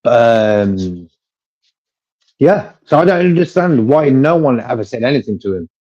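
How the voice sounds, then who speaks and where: Male co-host, casual rambling chat, mellow tone, lo-fi muffled audio. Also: medium pitch, animated, measured pace. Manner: rambling, repeats himself, laughs often. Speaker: co-host of a fan livestream.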